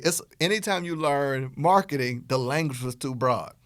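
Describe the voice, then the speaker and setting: A middle-aged man with a Southern US accent, hosting a podcast and giving an energetic motivational business talk in a playful, animated way. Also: mid-range voice, normal speed, dry recording. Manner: animated, playful, acts out dialogue in quotes. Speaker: podcast host and business coach.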